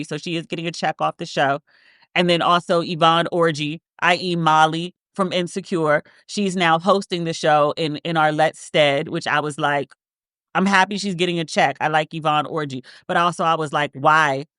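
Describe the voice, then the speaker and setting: A woman in her thirties co-hosts a podcast, telling a story in casual chat with lots of restarts and tangents, rambling and interrupting herself often. Her voice is low-pitched and a bit bright, recorded dry at studio quality.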